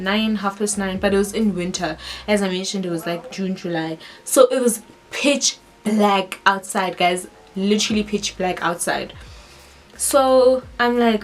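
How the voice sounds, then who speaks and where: A woman with a South African accent, telling a personal story to her viewers in an animated, emphatic way. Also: mid-range voice. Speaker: vlogger. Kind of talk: storytelling to camera.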